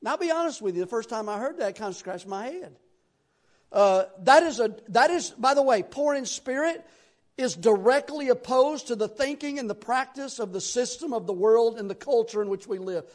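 A man's voice: very high voice, expressive, moderate pace. A man preaching a sermon in a conversational, folksy way, asking his listeners rhetorical questions.

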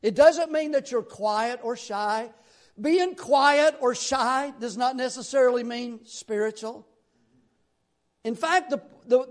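High-voiced man preaching a folksy sermon. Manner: conversational, folksy preaching with rhetorical questions.

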